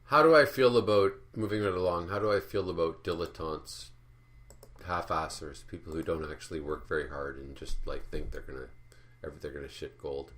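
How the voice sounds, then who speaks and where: A man's voice: rumbling low, normal speed, a bit bright. A man delivering a rambling, profane, sardonic rant as an art commentary vlogger. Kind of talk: ranting monologue.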